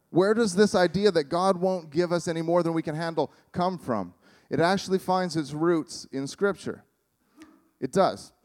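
A man preaching a sermon in a conversational, halting way, with sarcastic humor. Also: fairly high pitch, a little mellow. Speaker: pastor.

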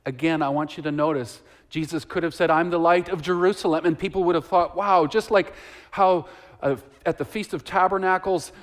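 A man preaching a sermon, reading scripture with soaring emphasis and dropping to hushed, reflective asides. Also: a little high, normal speed.

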